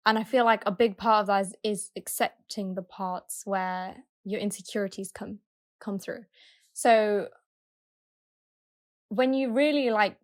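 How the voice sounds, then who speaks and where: A woman co-hosting a podcast, talking in an earnest, rambling way and searching for her words. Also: medium pitch. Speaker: podcast co-host. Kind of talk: casual chat.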